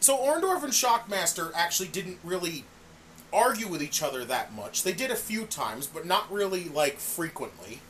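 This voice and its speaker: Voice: medium pitch, normal speed, a little hiss or hum. A podcast co-host in casual chat, swearing a lot and acting out other people's outbursts as they rant. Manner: profane, animated, acts out people's outbursts. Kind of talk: casual chat reviewing wrestling.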